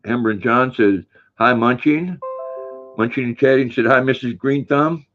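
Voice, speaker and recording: A man's voice: medium pitch, moderate pace, a bit bright, soft background music. Folksy older man on a lo-fi stream. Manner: folksy, reads viewer comments aloud, talks to his dog. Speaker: livestream host. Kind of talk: casual livestream chat reading comments.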